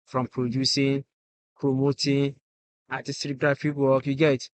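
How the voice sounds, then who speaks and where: A man's voice: mid-range voice, monotone, measured pace, no echo. A Nigerian man talking as the guest musician on a casual podcast, earnest and saying "you get" again and again.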